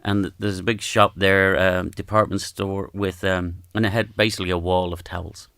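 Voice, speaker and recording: Low, gravelly Irish man. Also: little pitch movement, dry recording, clean studio sound. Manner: gentle, halting, with frequent restarts. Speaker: guest. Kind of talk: reflective storytelling.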